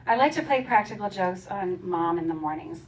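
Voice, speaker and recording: Reading from her memoir at a community celebration, a woman from the Philadelphia area speaks briskly in an animated, mid-range voice. She's playful, often laughing while acting out the comic parts, and a distant mic catches faint ambient noise.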